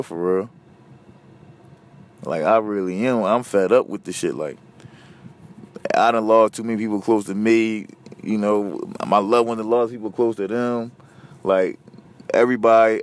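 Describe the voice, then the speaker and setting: A man hosting a podcast, ranting casually and profanely, veering from loud outbursts to low muttering. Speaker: podcast host. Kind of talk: casual solo rant.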